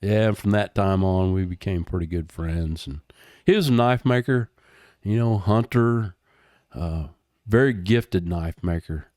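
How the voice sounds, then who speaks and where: An older man in his sixties, talking in a low, easygoing voice as an interview guest. His delivery is loose and chatty, full of "man" and "dude" and easy laughs. The sound is dry and close to the mic. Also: unhurried, a little mellow, no room sound. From Texas. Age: 60s. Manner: laid-back, laughs often, says "man" and "dude". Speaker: guest, retired helicopter pilot. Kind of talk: casual interview storytelling.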